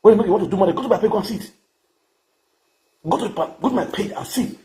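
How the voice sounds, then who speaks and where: A man's voice: sits high, rapid-fire, dark tone. A man with a Nigerian accent ranting to camera in a boastful, crude, mocking way, repeating his phrases. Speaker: vlogger.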